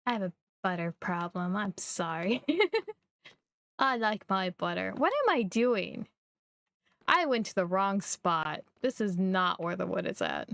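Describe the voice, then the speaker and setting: A young woman from Missouri, chatting casually and rambling while she streams a game, quick to poke fun at herself. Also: mid-range voice, big pitch swings, gravelly, a bit bright, no echo. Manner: rambling, chatty, self-deprecating. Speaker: livestreamer. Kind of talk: casual live gameplay chat.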